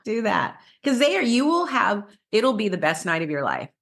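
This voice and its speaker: A woman's voice: mid-range voice, big pitch swings, normal speed, gravelly, a bit bright. A woman co-hosting a casual podcast, telling stories in a chatty way with many restarts and laughs. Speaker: podcast co-host.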